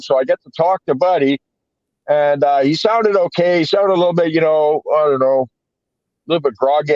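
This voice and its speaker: Profane, rambling man, higher-pitched. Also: darkish tone, no room sound. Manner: profane, rambling storyteller, heavy swearing and fillers. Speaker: podcast co-host telling a story. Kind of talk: casual chat. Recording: dull, dry lo-fi podcast audio.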